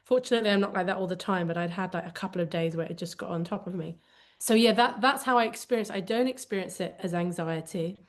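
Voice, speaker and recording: A woman's voice: fairly low pitch, fast talker. A woman co-hosting a conversational podcast, speaking candidly and reflectively as she searches for the right words. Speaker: podcast co-host.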